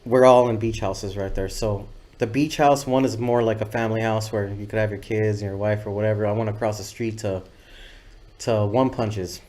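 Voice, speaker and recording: A man telling stories as a podcast guest, laid-back and rambling, swearing freely and filling pauses with "uh" and "you know what I'm saying". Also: fairly low pitch, fairly even intonation, a little mellow. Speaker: music video director, podcast guest. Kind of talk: casual storytelling interview.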